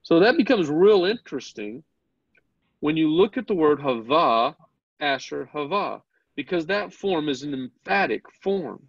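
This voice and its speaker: Gravelly man teaching a Bible class. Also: a little high, measured pace, no echo. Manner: earnest and excited, poses questions to the class. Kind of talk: classroom lecture. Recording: dull lo-fi class recording.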